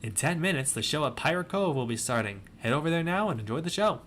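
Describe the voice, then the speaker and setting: A man voicing a male pizzeria manager making a loudspeaker announcement. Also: fairly high pitch, lively intonation, fast talker, a little hiss or hum. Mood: announcing.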